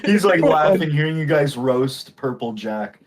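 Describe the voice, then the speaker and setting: A man's voice: on the high side, expressive, a little slow. A man narrating as game master in a loose, laid-back way. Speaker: dungeon master.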